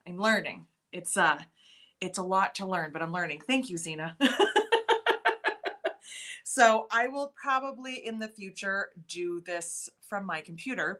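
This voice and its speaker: A woman's voice: mid-range voice, sharp tone. A young adult woman hosting a casual live stream, chatting with viewers, reading their comments aloud and laughing often. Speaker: livestream host.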